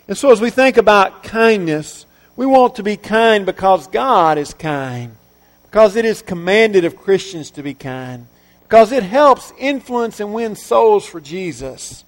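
A man preaching a sermon in a church, earnest and emphatic, repeating key phrases and letting his sentences fall away to quiet endings. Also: high-pitched, very animated, a little slow. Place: church sanctuary. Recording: long reverb of a church hall.

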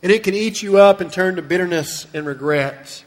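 A man preaching a sermon, retelling a scripture story with earnest feeling and slowing down and softening on the sad passages. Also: sits high. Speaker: pastor. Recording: long reverb of a large hall.

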